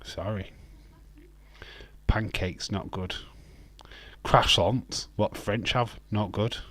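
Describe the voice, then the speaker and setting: A man's voice: lowish voice, fairly even intonation, slow pace, fairly bright tone, no room sound. A British man hosting a livestream, answering his chat in a joking, ranting back-and-forth with laughs. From United Kingdom. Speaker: livestream host. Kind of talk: casual chat answering live chat.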